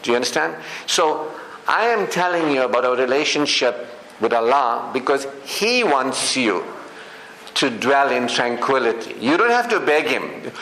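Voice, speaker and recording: A man's voice: mid-range voice, big pitch swings, moderate pace, sharp tone. Conversational man speaking in an echoey hall. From South Africa. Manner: conversational, often asks "you know what I mean?". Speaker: speaker at a public event. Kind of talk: public talk to an audience. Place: event hall. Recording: echoey hall with faint noise.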